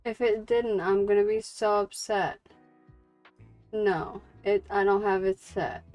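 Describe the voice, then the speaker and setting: A woman streamer talks unhurriedly about her day and her game, rambling from one thought to the next and laughing easily. Soft music plays faintly behind her. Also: mid-range voice, steady tone, slow, dry recording. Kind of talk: casual chat while gaming.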